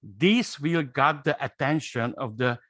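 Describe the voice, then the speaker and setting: A man whose first language is Hungarian, giving an enthusiastic guest pitch on a webinar, stressing points and tagging them with "okay?". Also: unhurried, a bit bright, no echo. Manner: emphatic, repeats "okay?" and key phrases. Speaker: guest speaker.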